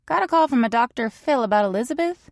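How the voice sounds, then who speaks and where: A woman's voice: a little high, lively intonation, quick pace, darkish tone, no room sound, studio quality, pitched above the performer's own voice. A woman voicing a worried young woman friend who talks urgently over the phone.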